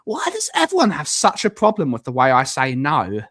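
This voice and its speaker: A man's voice: fairly high pitch, huge pitch swings, a bit bright, dry recording, studio quality. A man with an Essex accent, chatting casually on a live stream as he reads and answers viewer comments, stretching words out for emphasis. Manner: drawn-out emphatic words, muttering while reading comments.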